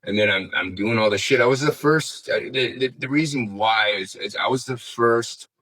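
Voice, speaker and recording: Through a low-quality recording, a middle-aged man with a medium-pitched, fairly bright voice rambles through a story as an interview guest at a moderate pace. His talk is casual and laid-back, sprinkled with swearing and frequent "man."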